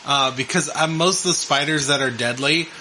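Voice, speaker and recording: A man's voice: a little high, normal speed, bright, forceful tone, slight background noise, rough recording. A middle-aged man co-hosting a casual podcast, rambling with ums and laughing often. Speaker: podcast co-host. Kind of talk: casual chat.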